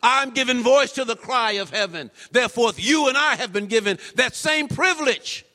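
A man preaching a sermon in a church, swinging from low murmurs to high, shouted calls. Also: lively intonation, moderate pace, long reverb tail. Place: church sanctuary.

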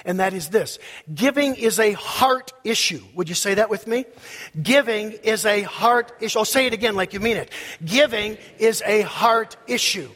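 A man preaching a sermon as pastor, emphatic, with loud peaks and quiet asides. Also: high-pitched, moderate pace, long reverb tail.

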